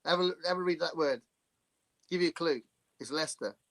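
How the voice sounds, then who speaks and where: A man co-hosts a casual livestream chat, his voice fairly high, fairly quick, and a bit bright. He jokes, reads viewer comments aloud, and slips into playful mimicry as a podcast co-host.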